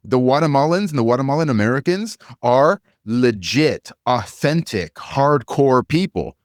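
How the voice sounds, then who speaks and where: A man's voice: medium pitch, sing-song, moderate pace, hardly any pauses, no room sound, clean studio sound. A male podcast co-host ranting with blunt, profane fervor. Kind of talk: heated opinion rant.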